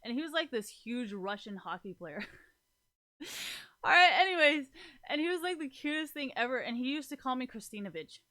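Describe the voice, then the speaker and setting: Bright-voiced young woman rambling casually. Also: sits high, sing-song, normal speed. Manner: rambling, heavy on "like" and swearing, laughs often. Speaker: streamer talking to viewers.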